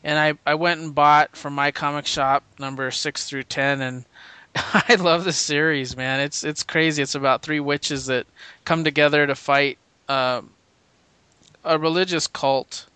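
A man chats with enthusiasm, tripping over restarts and breaking into laughter as he talks. His voice is bright and crisp, slightly higher than most men's, and sounds close and dry. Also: steady tone, unhurried, dry recording. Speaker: podcast co-host. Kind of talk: casual chat.

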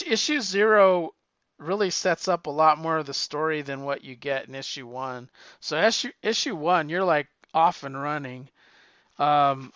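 Chatty rambling man, bright clear voice. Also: fairly high pitch, dry recording, muffled recording. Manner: rambling, halting with restarts and fillers. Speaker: podcast co-host reviewing comics. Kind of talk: casual chat.

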